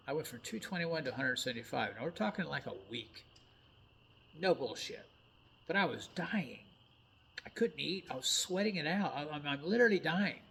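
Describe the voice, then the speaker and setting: A man's voice: fairly high pitch, expressive, moderate pace, creaky, a bit bright, slight background noise. A man of about fifty, a truck driver, telling a personal story in a blunt, folksy way with some mild cursing.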